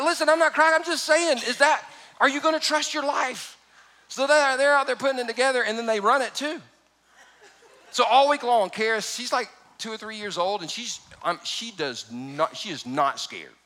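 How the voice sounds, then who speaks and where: A male pastor delivers a sermon in a high, bright voice. He is emphatic and animated, and he drifts into humorous storytelling. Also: a little fast.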